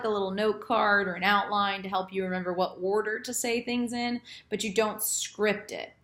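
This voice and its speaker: A woman giving a casual lesson on presenting, chatty and animated, acting out the thoughts she quotes. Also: mid-range voice. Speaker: presentation skills teacher. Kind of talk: casual instructional talk. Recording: roomy echo.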